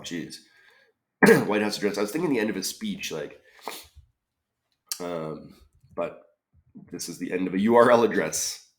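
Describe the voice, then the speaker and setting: A man solving a crossword aloud, musing tentatively and often trailing off with questions. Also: low-pitched. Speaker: crossword solver. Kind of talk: thinking-aloud puzzle solve.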